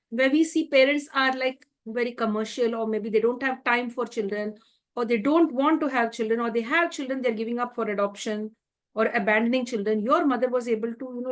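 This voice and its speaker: A woman's voice: fairly high pitch, a little fast. A woman hosting an interview, asking questions and responding with effusive, repeated praise. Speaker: interview host.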